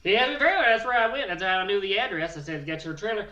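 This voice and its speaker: A man's voice: high-pitched, animated, quick pace, pushed and bright, roomy sound, far from the mic, muffled recording. A man doing a crude rambling redneck.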